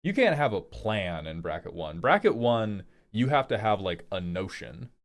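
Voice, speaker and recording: A man's voice: lowish voice, big pitch swings, moderate pace. A young man streaming casually, reading viewer messages aloud and answering with rambling, joking talk. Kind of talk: casual livestream chat.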